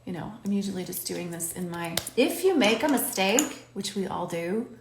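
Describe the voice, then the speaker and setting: Woman host, encouraging makeup-tutorial chatter, middle pitch, roomy echo on the recording. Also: lively intonation, normal speed, noisy background. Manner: chatty and encouraging, coaching the viewer. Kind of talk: talking while doing her makeup on camera.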